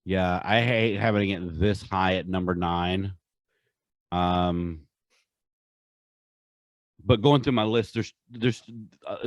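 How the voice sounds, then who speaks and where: Deep-voiced man, earnest and halting. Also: dry recording. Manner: earnest, hesitant with many uhs. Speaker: podcast co-host. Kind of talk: casual podcast chat.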